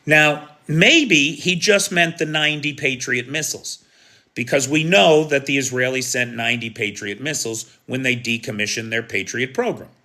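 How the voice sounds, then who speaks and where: An American man delivers live news commentary, talking it through in a casual, opinionated way. His voice is bright and forward, and he keeps checking in with rhetorical questions. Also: medium pitch, normal speed. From United States. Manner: conversational, opinionated, frequent rhetorical "right?".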